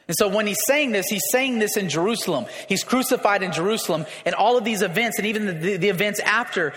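A male pastor delivers a sermon in a high, animated register, pressing his points home by repeating phrases and asking the congregation to answer back. His voice rings out sharp and bright. The sound carries a long, roomy reverb, as if caught in a large church sanctuary. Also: fast talker, few pauses. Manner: emphatic, repeats phrases, calls for congregation response. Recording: echoey hall with long reverb.

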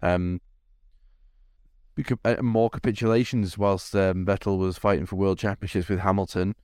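A man's voice: sits low, fairly even intonation, normal speed, a little mellow, smooth, no echo, clean studio sound. A man from England co-hosting a motorsport podcast, talking in a rambling, reflective way with many fillers. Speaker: podcast co-host. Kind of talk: casual chat.

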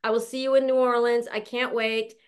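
A woman's voice: a little high, level tone, a little fast, smooth. Chatty woman host on a video call, affectionate, laughs a lot. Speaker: show host introducing a panel. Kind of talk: casual chat.

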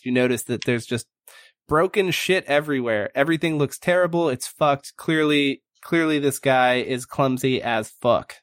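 A man's voice: mid-range voice, no echo. A man narrates as game master of a tabletop game in a loose, casual way. He swears freely and fills his talk with ums and uhs. The recording is close and dry.

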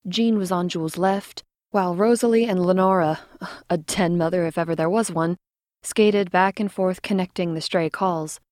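A woman's voice: lowish voice, moderate pace, dry recording. Lady reading a spooky first-person story, very dramatic, goes whispery, dead dry mic. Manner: dramatic, expressive, drops to a whisper for suspense. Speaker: narrator.

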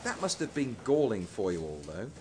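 A man's voice: on the low side, very animated, a little fast, noisy background. A man playing a probing history interviewer. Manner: politely impatient, probing. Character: dry, persistent male history interviewer.

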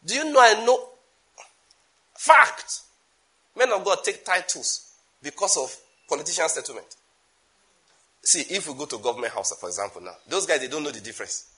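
Forceful Nigerian man preaching. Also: mid-range voice, expressive, a little fast. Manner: emphatic, with sudden loud rising bursts and asides in Nigerian Pidgin. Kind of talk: sermon.

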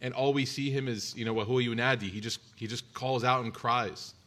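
A man's voice: mid-range voice, fairly even intonation, very fast, a bit bright. Casual man telling a religious story. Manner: conversational, loose, lots of "you know" and "like". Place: at home with his child nearby.

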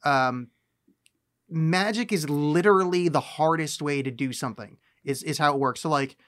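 A man co-hosting a podcast, chatting casually about a film, animated and ranting, with frequent swearing. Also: a little high, moderate pace. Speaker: podcast co-host. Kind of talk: casual film-review chat.

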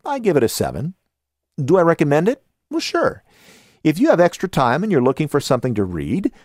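A man with a Southern California accent talks through a book review in a relaxed, conversational way. His pitch rises and falls a lot as he reads listener comments and adds his own remarks. The sound is dry and close, with no room echo. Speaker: podcast host. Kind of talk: casual book review talk.

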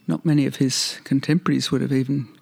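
A man's voice: medium pitch, flat delivery, fast talker, creaky, a little mellow, breathy edge. An older man being interviewed, reminiscing in a rambling, hesitant way with frequent laughs. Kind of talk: reminiscing conversation.

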